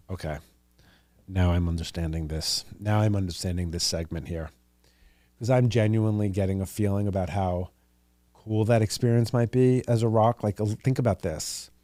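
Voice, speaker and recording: A young man hosts his own podcast alone, thinking out loud in a loose, rambling way full of "like" and "you know". His voice is dark and mellow, recorded close and dry. He is earnest and openly emotional about his ideas. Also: mid-range voice, no echo. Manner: earnest, gets emotional and teary. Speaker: podcast host. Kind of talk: casual solo podcast musing.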